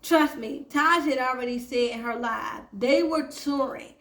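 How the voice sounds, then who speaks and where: A woman's voice: high-pitched, unhurried, a bit bright, reverberant. A woman hosting a casual TV recap and review, chatting straight to her viewers. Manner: chatty, addresses viewers as y'all. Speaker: TV recap host.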